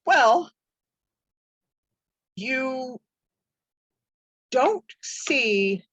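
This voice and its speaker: Slow, halting woman game master. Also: high-pitched, lively intonation, fairly bright tone, dry recording, highs cut off. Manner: halting, with many fillers. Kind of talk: narrating a tabletop game.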